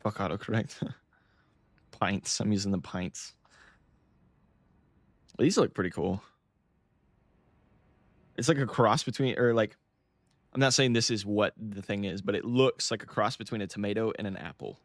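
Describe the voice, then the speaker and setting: A man's voice: on the low side, a little slow, long pauses, no room sound. An American man chatting casually to his live-stream chat, often laughing, swearing and stumbling over words. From United States.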